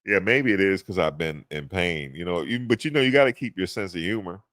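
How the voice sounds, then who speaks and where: Laid-back deep-voiced man rambling. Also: animated, fairly quick, a bit bright, no room sound, studio quality. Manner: laid-back, rambling, chuckles at own jokes. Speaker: podcast host. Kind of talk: casual chat.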